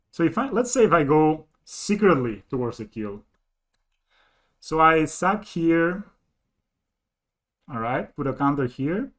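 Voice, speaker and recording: Lively man thinking aloud over a game. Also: medium pitch. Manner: thinks aloud, counting and muttering, bursts into excited laughing disbelief. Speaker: streamer playing a card game. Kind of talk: live gameplay commentary.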